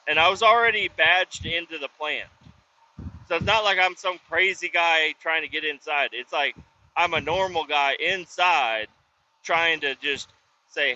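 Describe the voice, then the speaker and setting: A man's voice: on the high side, moderate pace, bright, forceful tone, lo-fi sound, slight background noise. A man telling a work story in a profane, rambling casual vlog, with frequent restarts. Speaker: roadside service worker vlogging.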